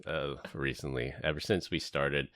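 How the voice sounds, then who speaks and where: A man's voice: extremely low pitch, normal speed, dry recording. A middle-aged man hosting a casual tech podcast, telling stories with energy and acting out the people he quotes. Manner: animated storytelling, acts out quoted people. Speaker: podcast host.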